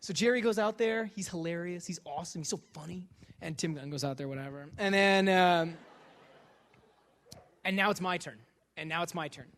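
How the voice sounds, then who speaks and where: A man giving a lecture as a comic story, animated and self-deprecating, acting out the dialogue. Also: on the high side.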